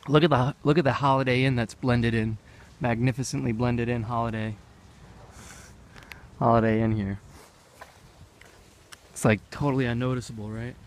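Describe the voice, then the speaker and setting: A man's voice: medium pitch, steady tone, moderate pace, long pauses. An American man in his young adult years, giving a rambling, jokey commentary as he walks through an outdoor park. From United States. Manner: rambling, offhand, jokey asides. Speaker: travel vlogger. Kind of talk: casual walking commentary. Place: outdoor park with animal pens.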